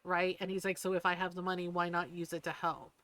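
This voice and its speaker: A woman's voice: fairly low pitch, fast. A woman streamer chatting casually on a gaming livestream, telling stories with lots of swearing and acting out what other people said. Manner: animated storyteller, swears freely, acts out what people said.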